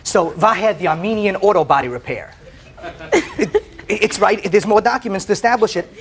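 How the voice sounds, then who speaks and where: A man testifying as plaintiff on a courtroom show, telling his story in an animated way, often stammering and repeating words. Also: high voice, moderate pace. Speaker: plaintiff in a TV small-claims case. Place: TV courtroom set.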